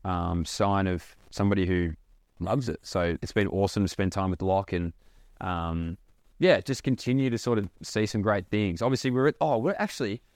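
A young Australian man rambling casually on his podcast, animated and swearing freely. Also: sits low, moderate pace, no echo. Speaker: podcast host.

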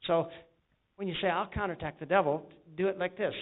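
A man preaching in an earnest, storytelling way, his voice set a little high for a man. He acts out the people he quotes. The sound is thin and tinny, like a phone line. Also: steady tone, brisk. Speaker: evangelist preacher. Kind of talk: sermon.

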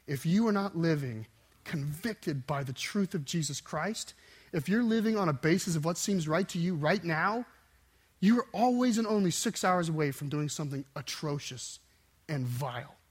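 A man preaching a sermon with intense emphasis, swinging between forceful surges and quiet, dropped endings. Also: on the high side, expressive, moderate pace, breathy edge. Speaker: pastor.

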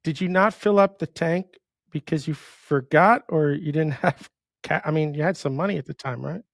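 A man's voice: a little high, normal speed, vocal fry, no echo, clean studio sound. A middle-aged man hosting a casual conversation, emphatic and full of questions. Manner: emphatic, asks lots of questions. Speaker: host.

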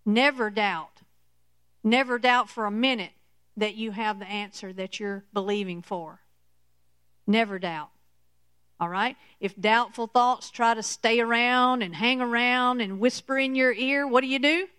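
Woman preacher, fairly high, smooth voice, slow and emphatic, dry close sound. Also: fairly even intonation, fairly bright tone, no room sound. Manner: slow, emphatic, repeats "okay?" to the listener. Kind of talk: sermon teaching.

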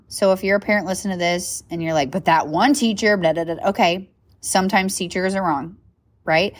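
A woman talks through a solo podcast episode in an easygoing, conversational way. She is a young adult at a middle pitch. She leans on "like" and checks in with her listeners as she goes. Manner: chatty, filler-heavy, frequent "like" and "right?". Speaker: podcast host and coach. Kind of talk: casual solo podcast talk.

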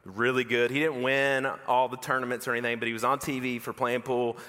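Bright-voiced preacher in a reverberant hall. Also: male voice, mid-range voice, fairly quick. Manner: animated, self-mocking storyteller who acts out dialogue. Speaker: pastor. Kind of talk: sermon with personal storytelling.

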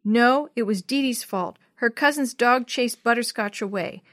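A woman's voice: on the high side, measured pace, fairly bright tone, dry recording, clean studio sound. A woman reading the lines of an upset, stubborn young girl from a storybook. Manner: sulky, indignant.

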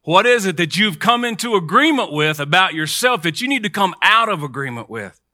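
Middle-aged male preacher, crisp dry sound, bright tense tone, talks the crowd through call-and-response. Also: high voice, big pitch swings, a little fast, no echo. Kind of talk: sermon.

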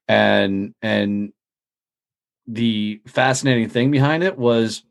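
Swearing freely and brimming with energy, this podcast guest, a business owner, spins stories in a relaxed interview and acts out what other people said. His voice is on the low side and creaky.

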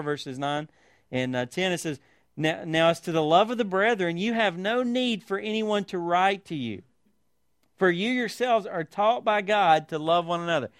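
A man's voice: high voice, clean tone, no echo, studio quality. A man preaching a sermon as pastor, reading scripture aloud with emphasis and pressing points with rhetorical tag questions.

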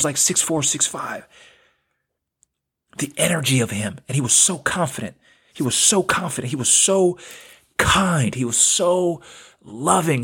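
Man in his thirties, husky voice, earnest spiritual podcast talk, casual slang. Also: fairly high pitch. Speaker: podcast host. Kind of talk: spiritual self-help talk.

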